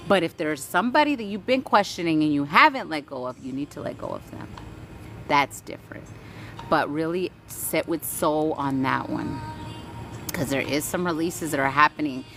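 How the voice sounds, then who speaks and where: A woman's voice: deep voice, moderate pace, fairly bright tone, faint music behind. A woman hosting a casual spiritual livestream, reading chat aloud, greeting viewers by name and urging them on with repeated "right?" and casual swearing.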